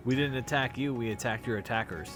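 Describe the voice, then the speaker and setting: A man's voice: mid-range voice, fast talker, music in the background. A man playing a tabletop game, earnest and slightly hesitant. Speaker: player.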